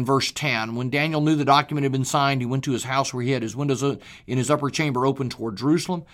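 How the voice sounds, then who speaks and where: A man's voice: medium pitch, fairly bright tone. An older man, a preacher, giving an earnest daily Bible reading talk and stressing key phrases.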